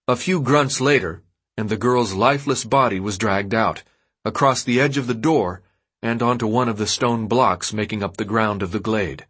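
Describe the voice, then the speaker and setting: A man reading an audiobook as narrator, in steady, even storytelling. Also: fairly low pitch, normal speed, breathy edge. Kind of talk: scripted narration.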